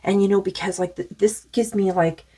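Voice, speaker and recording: A woman's voice: medium pitch, fairly even intonation, fairly quick, mellow, breathy edge. A woman doing a spiritual tarot card reading in a rambling, musing way with many fillers, saying she is losing her voice.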